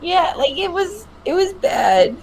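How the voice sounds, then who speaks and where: A woman's voice: very high voice, very animated, slow pace, darkish tone, slight background noise. A woman hosting a casual podcast chat, giggling and giving brief replies. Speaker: podcast host.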